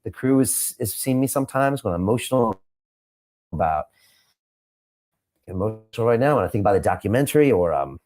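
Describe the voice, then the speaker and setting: A man answering interview questions, emphatic and repeating his points for punch, sometimes turning quiet and reflective. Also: lowish voice, lively intonation, a little fast, long pauses. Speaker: podcast host being interviewed.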